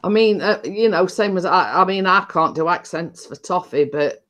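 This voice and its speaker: A woman's voice: fairly low pitch, moderate pace, a bit bright. A woman in her fifties with a Nottinghamshire accent, hosting a casual live chat and reading out comments, laughing often and poking fun at herself. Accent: Nottinghamshire English. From Nottinghamshire, England. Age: 50s. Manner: chatty, laughs often, self-deprecating. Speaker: host.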